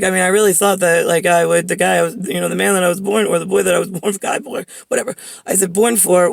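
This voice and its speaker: A woman's voice: medium pitch, gravelly, dry recording. A woman telling a long personal story in a rambling way, full of "like" fillers and blunt swearing. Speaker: vlogger.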